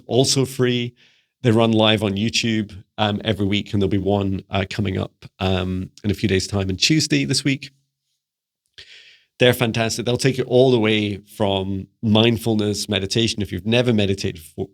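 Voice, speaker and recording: A man who works as a spiritual mentor, talking casually to camera in a chatty, relaxed way and laughing often as he teaches. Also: on the low side, gravelly.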